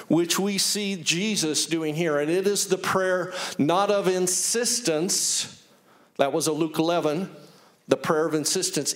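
A male pastor preaching an animated sermon, telling personal stories and acting out the dialogue he retells. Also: fairly high pitch. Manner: earnest, personal testimony.

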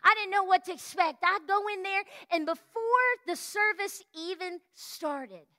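A woman pastor preaching an animated, storytelling sermon and breaking into bits of song. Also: very high-pitched, measured pace. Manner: animated storytelling sermon, exclamations, sings snippets. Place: church sanctuary.

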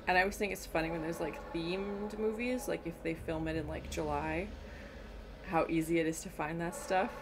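A woman hosting a casual movie reaction, chatting and exclaiming loudly at scary scenes. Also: on the low side, steady tone, moderate pace, noisy background. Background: movie soundtrack playing.

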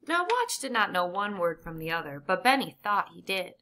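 A woman reading a children's chapter book aloud with clear, gentle emphasis. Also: on the low side, big pitch swings, normal speed, a little hiss or hum. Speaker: audiobook reader. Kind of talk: children's storybook narration.

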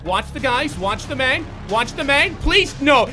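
A young man doing live commentary on a basketball video game, muttering to himself one moment and shouting curses the next. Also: extremely high pitch, animated, unhurried, few pauses, faint music behind. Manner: swings from muttered self-coaching to shouted profane outbursts. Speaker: gaming YouTuber.

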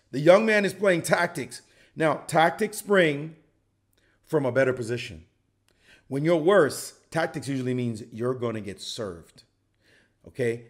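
Playful, animated male chess commentator. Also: fairly high pitch. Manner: playful, joking, voices players' reactions.

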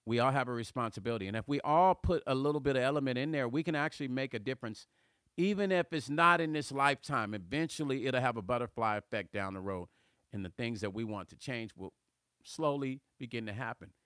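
Animated smooth-voiced man chatting on a live stream. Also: medium pitch, fast talker, dry recording, studio quality. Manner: animated, laughs often, repeats words when fired up. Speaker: musician hosting a livestream. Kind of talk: casual livestream chat reading comments.

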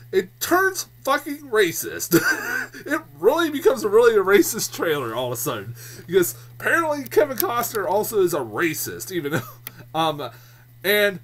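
A man's voice: high-pitched, a bit bright. A man giving a casual, exasperated film review, swearing often and laughing in disbelief as he rants.

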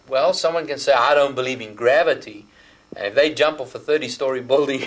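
An Australian pastor preaches a sermon in an ordinary, medium-pitched voice over poor audio. He is emphatic, slowing right down to stress key words and phrases. Like a teacher, he talks listeners through marking up their Bibles, pointing out the verses to underline.

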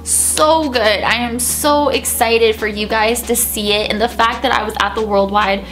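A woman's voice: on the high side, steady tone, moderate pace, fairly bright tone, soft background music. Tired, gushing young woman vlogger. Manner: gushing, breathless fan talk with giggles. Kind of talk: casual chat to camera. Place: indoors at night after an event.

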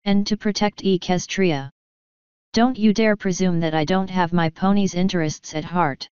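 Proud secretive pony princess, shaky defensive voice, woman reads her, smooth low tone, muffled recording. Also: steady tone, normal speed, darkish tone, no echo, natural voice. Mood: quavering. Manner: quavering, defensive. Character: proud, desperate elder princess mare, secretive. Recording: dull lo-fi recording.

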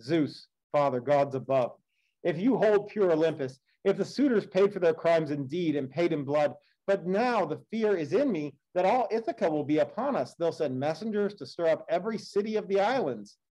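A frail old king, worn down by grief and longing, pleads and wishes, as a man reads his part aloud. The voice is mellow and sits slightly high for a man. The pace is earnest and measured, like an epic poem read in class. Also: lively intonation, poor audio.

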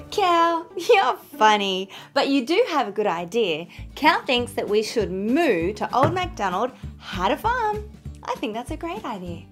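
A woman teaching children to sing, talking gently and encouragingly and singing moo notes over a piano. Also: fairly high pitch, sing-song, measured pace. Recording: piano music behind. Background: piano keyboard.

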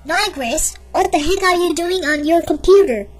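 A woman's voice: extremely high pitch, normal speed, faint music behind. A woman voicing a stern, easily outraged parent in a cartoon who scolds her son. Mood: scolding.

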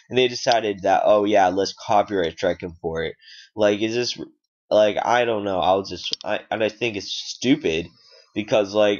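A young man rants angrily to his viewers, rambling and tripping over fillers as he swears. His voice sits fairly low. The recording is dull and lo-fi. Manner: frustrated, rambling, swears a lot, many "like" fillers. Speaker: YouTube gamer. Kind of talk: angry rant to camera. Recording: dull lo-fi sound.

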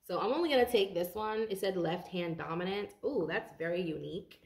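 This tarot card reader has a lowish, somewhat mellow voice and talks fairly quickly in a roomy-sounding space. She's worn out, rambling through a laid-back reading for her viewers and cursing without restraint.

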